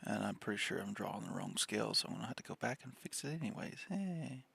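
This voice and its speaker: A man in casual chat while drawing on stream, relaxed and muttering to himself as he works. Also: lowish voice, fast, gravelly, slightly rough.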